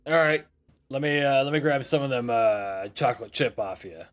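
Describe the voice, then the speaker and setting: A man's voice: mid-range voice, normal speed, pitched above the performer's own voice, lightly acted. A man voicing a grumpy, sarcastic male drow pirate who has just been woken up. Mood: suspicious. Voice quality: gruff, cursing, sarcastic. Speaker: game master voicing a character.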